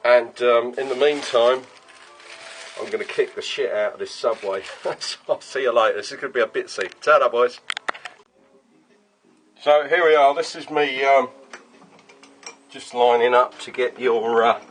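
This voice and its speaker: A man's voice: medium pitch, moderate pace, long pauses, fairly bright tone, slight background noise. A man, talking casually in his workshop vlog, rambling off on tangents and swearing freely as he works. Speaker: workshop owner making custom paintball guns. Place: workshop with a milling machine.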